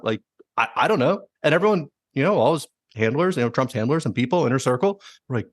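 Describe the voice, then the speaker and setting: A man hosting a podcast, chatting casually and bluntly about politics, swearing freely and mimicking politicians in quick asides. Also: medium pitch, lively intonation, no room sound, clean studio sound. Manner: fast, swearing, mimics politicians in quoted voices. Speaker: podcast host.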